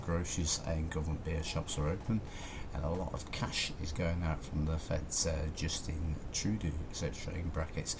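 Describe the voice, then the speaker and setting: A deep-voiced man hosts a local radio show, rambling through his chat between songs. His voice comes through a noisy broadcast with a hiss underneath. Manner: rambling, conversational. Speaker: radio presenter.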